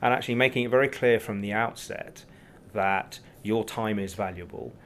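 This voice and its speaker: A man guesting as a business coach, telling his anecdotes briskly and chuckling at his own points. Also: fairly low pitch. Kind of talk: anecdotal interview talk.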